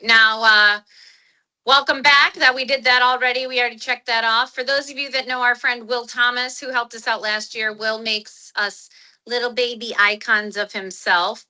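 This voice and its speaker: Bright, chatty woman hosting a call. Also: a little high, steady tone, normal speed, poor audio. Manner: chatty and enthusiastic, with restarts. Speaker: webinar host. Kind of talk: casual online community call. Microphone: phone.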